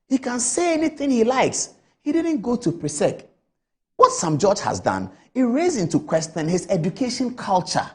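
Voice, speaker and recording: A woman's voice: fairly high pitch, very animated, moderate pace, darkish tone. Woman scolding on a TV panel. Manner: rhetorical, repeated questions, scolding. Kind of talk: impassioned political commentary on TV. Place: TV studio.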